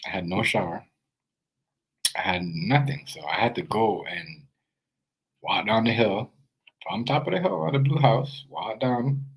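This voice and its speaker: A young man with a Jamaican accent and a deep, husky voice tells his own story casually. He rambles and restarts, leaning on fillers as he goes. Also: rough recording. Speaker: video creator.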